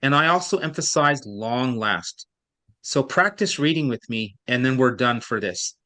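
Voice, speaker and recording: A man's voice: medium pitch, lively intonation, unhurried, bright, forceful tone. A man tutoring a student in reading, explaining patiently and at length, with frequent restarts. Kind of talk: one-on-one online tutoring.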